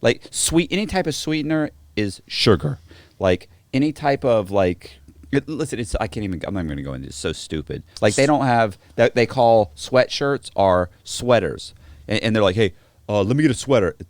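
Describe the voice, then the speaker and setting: A man's voice: fairly low pitch, moderate pace, no room sound. A man telling stories in a casual podcast chat, acting out the other people's lines as he quotes them. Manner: animated, acts out quoted dialogue. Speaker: podcast guest, former prisoner. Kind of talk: casual storytelling.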